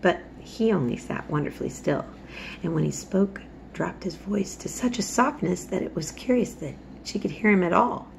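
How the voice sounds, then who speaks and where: A woman reading a children's novel aloud, unhurried and steady, with small slips. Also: lowish voice, gravelly, a little hiss or hum. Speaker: storybook reader.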